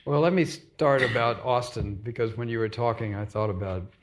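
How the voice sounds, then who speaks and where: A man from Texas, an author, explaining his ideas in an onstage conversation in a measured way, with many pauses and restarts. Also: mid-range voice, background noise.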